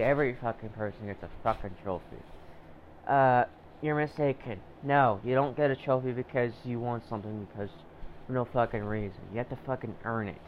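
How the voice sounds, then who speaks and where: A man's voice: mid-range voice, phone-quality sound, slight background noise. Rambling, profane man ranting on a podcast. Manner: rambling, profane, repeats himself, many fillers. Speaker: podcast host. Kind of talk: solo podcast rant.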